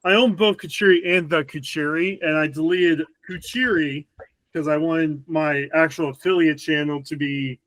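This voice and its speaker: A man on a podcast chat, explaining something in a halting, stop-start way. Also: a little high, fairly even intonation, fairly bright tone, no echo. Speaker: podcast guest. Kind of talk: casual chat.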